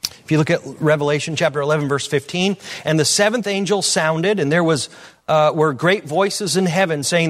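Guy preaching a sermon, kinda high voice, reads scripture then rambles w lots of uh's, goes quiet then booms. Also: moderate pace. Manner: reads scripture aloud, then comments with many fillers; swings from low asides to loud, high declarations. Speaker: pastor.

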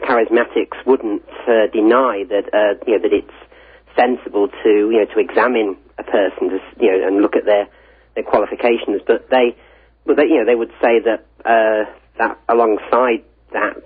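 Brief: low, husky male caller, hesitant, full of fillers, heard over a tinny phone line. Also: steady tone, moderate pace. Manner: hesitant, many fillers and restarts.

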